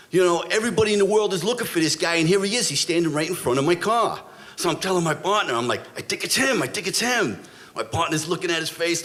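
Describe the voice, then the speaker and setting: A middle-aged man, a former police officer, telling a true story on stage before a live audience in a dramatic, blunt, animated way. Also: on the high side.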